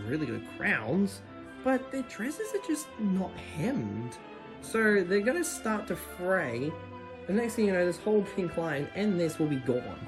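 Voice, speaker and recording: Young Australian woman, low voice with bouncy intonation, casual jokey vlog chatter, faint music underneath. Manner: chatty, animated, jokey and self-deprecating. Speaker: plush collector YouTuber. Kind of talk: casual show-and-tell vlog.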